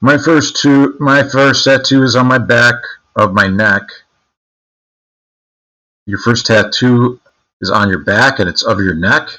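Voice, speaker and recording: A man's voice: medium pitch, unhurried, pauses often, sharp tone, lo-fi sound. A man streaming live, chatting casually with his viewers in a crude, joking, mocking way.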